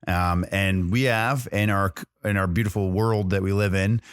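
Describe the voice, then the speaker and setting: Low-voiced chatty podcast host man. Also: steady tone, normal speed, clear, resonant tone, no room sound, studio quality. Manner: chatty, filler-heavy, restarts often. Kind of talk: casual podcast chat.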